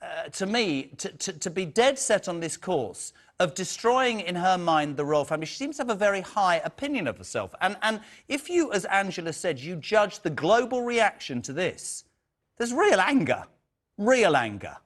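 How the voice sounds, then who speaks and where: A man's voice: sits high, big pitch swings, normal speed, hardly any pauses, a bit bright. A man hosting a TV panel debate, asking combative, incredulous questions. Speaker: TV host.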